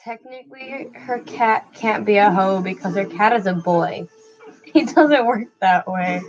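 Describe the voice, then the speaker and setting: A woman's voice: medium pitch, a little slow, highs cut off, faint music behind. A young woman in casual chat with a friend, playful and giggly, joking about herself. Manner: playful, giggly, self-mocking.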